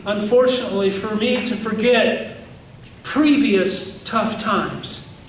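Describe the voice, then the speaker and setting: A male pastor delivers an emphatic sermon, pressing the congregation with repeated questions and phrases. His voice sits high for a man. It comes from a distance in a church hall, with strong echo and a faint room hum underneath. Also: a bit bright. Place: church sanctuary. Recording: echoey church hall from far off.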